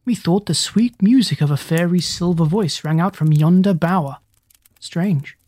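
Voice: mid-range voice, normal speed, warm tone, dry recording, close to an everyday voice. A reader voicing a young prince who speaks in an earnest, flowery, old-fashioned way in a storybook. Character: sad, lofty young African prince.

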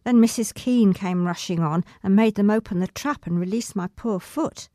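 A woman reading a memoir aloud in the first person, with expressive delivery. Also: medium pitch, moderate pace, hardly any pauses, dry recording, studio quality. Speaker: reader.

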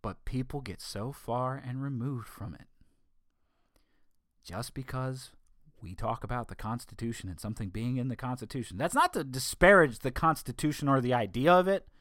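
A man giving an opinion monologue, emphatic with sarcastic asides, slowing down to stress key words. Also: mid-range voice, a bit bright, no room sound, clean studio sound. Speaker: political commentator.

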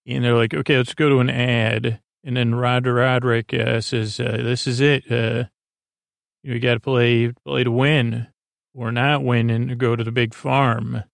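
Man, podcast host, sleepy episode recap, halting and hesitant, monotone delivery, dry close sound. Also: medium pitch, vocal fry, no echo. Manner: halting, hesitant, many filler pauses.

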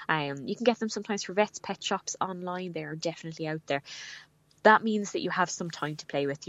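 Lo-fi, low-voiced woman giving pet advice. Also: dry recording. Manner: practical, reassuring explanations. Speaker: pet care expert guest. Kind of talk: radio call-in advice.

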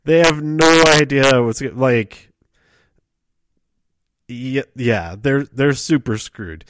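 Young man, solo podcast host, casual TV recap, rambling, halting, restarts mid-sentence. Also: medium pitch, fairly bright tone, no room sound.

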